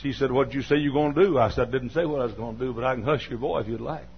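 An older man with a Southern American accent preaches a sermon, telling a folksy story and now and then scolding his listeners and bursting into shouts. His medium-pitched voice comes rapid-fire. The sermon recording is dull and lo-fi, with a little hiss or hum.

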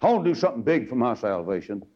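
A man preaching a fiery old-time sermon, acting out Bible characters in sudden shouts. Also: medium pitch, sing-song, fast, highs cut off.

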